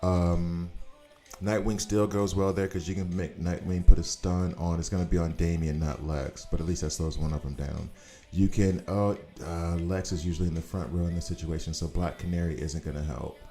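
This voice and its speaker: A man in his forties from the United States, rambling and chatting casually as he comments on a game stream, quick to laugh. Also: low-pitched, steady tone, warm tone. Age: 40s. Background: faint background music.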